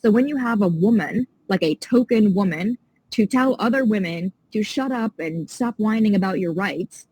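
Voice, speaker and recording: A woman's voice: mid-range voice, lively intonation, moderate pace, a little mellow, breathy edge, low-quality recording. A woman guest on a podcast, talking in a passionate, indignant and emphatic way in a casual interview.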